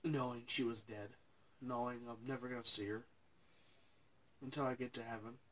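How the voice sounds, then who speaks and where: A young man telling a painful personal story to his viewers, halting and tearful, pausing and restarting as he cries. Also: medium pitch, fairly even intonation, fairly bright tone, poor audio. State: crying. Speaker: vlogger. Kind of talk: emotional personal story to camera.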